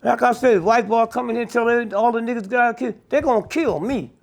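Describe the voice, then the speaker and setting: A man's voice: very high voice, quick pace. An older man telling stories in a candid interview, blunt and profane, often tossing in a questioning "huh?". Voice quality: gravelly. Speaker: interview guest.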